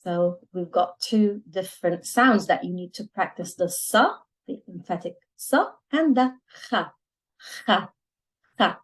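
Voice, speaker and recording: A woman from Lebanon teaching a language lesson, slowly repeating each word so learners can copy it. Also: on the low side, low-quality recording. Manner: slow, deliberate, repeats words for learners to copy.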